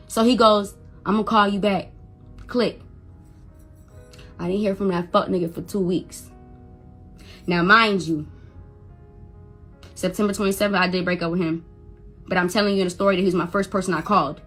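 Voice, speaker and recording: Bright, husky-voiced woman telling a personal story. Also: mid-range voice, brisk, pauses often, soft background music. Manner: stutters and repeats when upset, quotes others. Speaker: mother telling her story. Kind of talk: emotional first-person storytelling.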